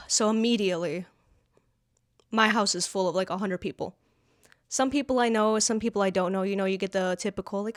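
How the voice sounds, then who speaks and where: A woman's voice: medium pitch, a little fast, dry recording, clean studio sound. A young woman telling a storytime monologue to camera, blunt, sarcastic and exasperated. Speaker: vlogger.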